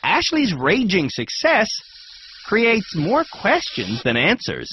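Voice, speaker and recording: A man's voice: high voice, wildly swooping pitch, takes it slowly, pushed and bright, a little hiss or hum. A man narrating a reality driving show in a wry, dryly sarcastic way. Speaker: host and narrator. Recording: dull lo-fi TV audio with music.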